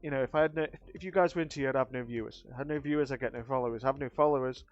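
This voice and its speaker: A man's voice: medium pitch, very fast. A man live-streaming a game, chatting casually and emotionally with his viewers, rambling and restarting as he thanks them. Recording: dull lo-fi stream audio with faint music.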